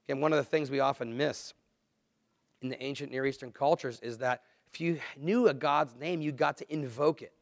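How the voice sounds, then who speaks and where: A man preaching a sermon, earnest and conversational, swinging between quiet, low asides and louder, emphatic lines. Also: moderate pace, no room sound, studio quality. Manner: earnest, conversational preaching with dramatic dips and swells. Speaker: pastor.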